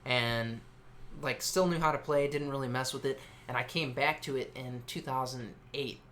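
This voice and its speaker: Bright-voiced man rambling casually. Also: mid-range voice, steady tone, normal speed, slight background noise. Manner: rambling, swears often, many fillers. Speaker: co-host. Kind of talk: casual podcast chat.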